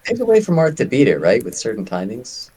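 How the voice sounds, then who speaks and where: A man's voice: mid-range voice, huge pitch swings, brisk, mellow, husky. A man taking part in a coaching session, answering briefly and agreeably. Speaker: student. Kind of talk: casual coaching call.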